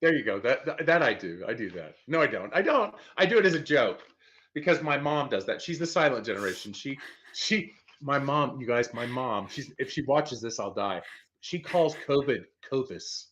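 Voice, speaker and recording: A man co-hosting a casual livestream chat, cracking self-mocking jokes and tripping over his words. His voice sits at an ordinary pitch, and the recording sounds slightly dull and lo-fi. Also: big pitch swings, normal speed, a bit bright, slight background noise. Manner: joking, self-mocking, stammering restarts. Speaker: co-host of a slots show. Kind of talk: casual chat with live viewers.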